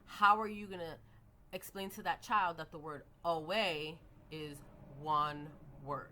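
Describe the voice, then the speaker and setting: Brief: young woman educator, methodical lecture, bright forward tone, slightly low pitch. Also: fairly even intonation, a little slow. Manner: methodical, models child-directed prompts and clapping. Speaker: teacher educator. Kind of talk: explanatory lecture with modeled classroom prompts.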